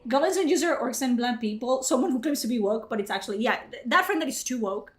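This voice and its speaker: A woman's voice: on the high side, lively intonation, fast. A young woman streaming live, ranting in casual chat with indignant outbursts and swearing. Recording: faint music behind.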